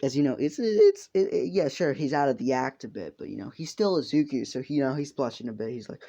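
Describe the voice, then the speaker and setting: A man's voice: mid-range voice, sing-song, quick pace, few pauses, dark tone. A man narrating an improvised fan story in a rambling way, full of fillers and swearing. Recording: muffled lo-fi recording.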